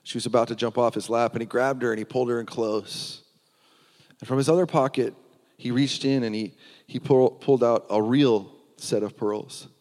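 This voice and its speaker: A pastor preaches to his church, telling a story in an earnest way and often restarting his words. His voice sits mid-pitch and carries a long hall reverb. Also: fairly even intonation, moderate pace, darkish tone. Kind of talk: sermon.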